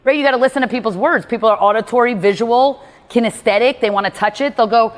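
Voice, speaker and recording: A woman hosting a motivational talk, animated and acting out what other people say. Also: mid-range voice, fast talker, in a large hall. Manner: animated, acts out quotes from others. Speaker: host.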